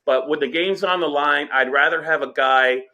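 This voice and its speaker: Bright-voiced emphatic sports podcaster man. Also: on the high side, moderate pace. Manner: emphatic and opinionated. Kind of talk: casual sports chat.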